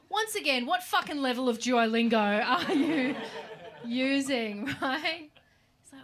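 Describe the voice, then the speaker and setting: A woman's voice: high voice, expressive, normal speed, fairly bright tone. Brash sweary woman comic. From Australia. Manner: brash, sweary punchlines with frequent "right?" asides. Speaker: stand-up comedian. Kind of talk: stand-up comedy set. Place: comedy club stage with audience.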